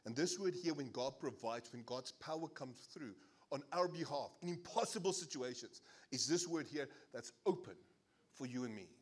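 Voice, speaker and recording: A South African-accented man preaching a sermon as pastor, animated and playful, laughing as he jokes with the congregation. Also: medium pitch, moderate pace, husky. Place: church service.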